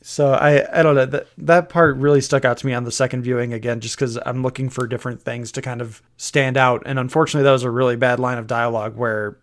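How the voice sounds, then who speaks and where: A man's voice: mid-range voice, steady tone, fast, few pauses. A man co-hosting a casual film review chat, critical and picking apart the dialogue. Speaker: podcast co-host.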